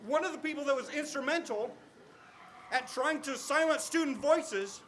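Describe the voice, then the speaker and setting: A man giving an impassioned speech at an outdoor campus protest, building up to angry shouts. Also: extremely high pitch, moderate pace, slight background noise. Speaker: student protest speaker.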